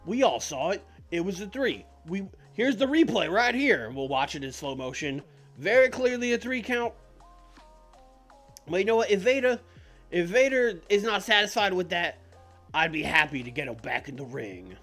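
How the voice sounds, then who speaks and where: A man voicing a confident male wrestler cutting a promo, building emphatically toward shouts. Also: sits high, lively intonation, normal speed, faint music behind, voice pushed up, exaggerated voice. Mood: boastful.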